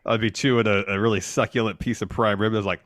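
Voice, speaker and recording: A man's voice: lowish voice, fairly even intonation, fast talker, a bit bright, no room sound. A man co-hosting a live podcast, laid-back and dry, reading viewer questions and making earnest appeals. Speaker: podcast co-host. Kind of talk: casual live-stream banter.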